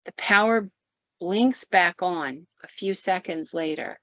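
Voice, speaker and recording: Woman podcast host, fairly low voice, casual chatty storyteller, dry dull recording. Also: slow, a bit bright, no echo. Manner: chatty, loose, with fillers like "um" and "like".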